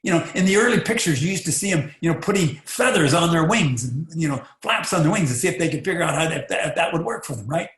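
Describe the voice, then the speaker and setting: A man giving a motivational talk, animated and rhetorical, often asking the listener questions. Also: a little high, fast, hardly any pauses. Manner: animated, rhetorical, acts out little voices. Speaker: motivational speaker. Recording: echoey room.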